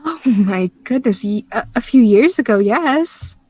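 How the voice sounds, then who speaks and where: A woman playing a tabletop role-playing game, gentle and soft-spoken, often talking in character. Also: on the high side, expressive, measured pace, breathy edge. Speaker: player.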